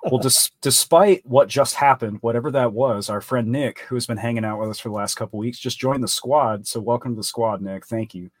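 A man's voice: mid-range voice, a little fast, few pauses, no echo. A man co-hosting a casual livestream chat, joking easily and reading out viewer questions. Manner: joking, easygoing.

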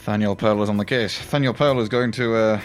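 A man's voice: on the low side, fairly even intonation, fairly quick, faint music behind. A man playing a tabletop game, cracking playful jokes between his turns. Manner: joking, playful asides. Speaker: player.

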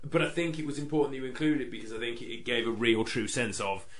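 A man's voice: medium pitch, quick pace, a bit bright. A man hosting a casual conversation, chatty and joking, often stumbling and restarting his sentences. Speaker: podcast host.

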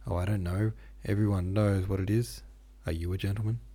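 A male narrator voices a serious young Englishman who hates being laughed at. He answers crossly and in earnest. The tone is low and dark. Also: steady tone, brisk, breathy edge. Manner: earnest, easily offended.

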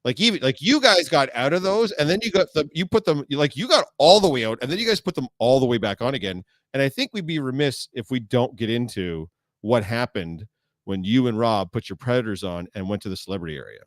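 Expressive podcast host, man, lively pitch. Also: brisk, dry recording. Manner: expressive, swearing, acting out his own confusion. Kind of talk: casual podcast chat.

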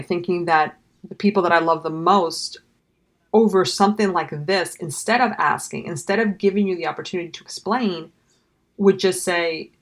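Wry woman telling a story. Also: lowish voice. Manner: wry, trails off, acts out quoted dialogue. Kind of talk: casual storytelling.

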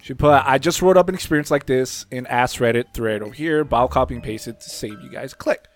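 A man co-hosting a casual podcast, reading a story aloud in a steady, unhurried way. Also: medium pitch, soft background music. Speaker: podcast co-host.

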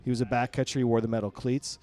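A man co-hosting a podcast, telling a profane, animated family story in casual chat. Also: mid-range voice, fast talker. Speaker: podcast co-host.

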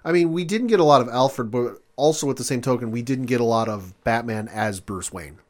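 A man's voice: mid-range voice, fairly quick. Man co-host chiming in casually. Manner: frequent short agreeing interjections. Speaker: podcast co-host. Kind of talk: casual film discussion.

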